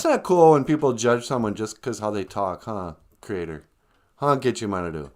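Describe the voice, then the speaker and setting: A man's voice: lowish voice, expressive, normal speed. A man hosting a casual livestream who tells jokey stories and acts out quotes. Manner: joking storyteller, acts out voices. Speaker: livestream host.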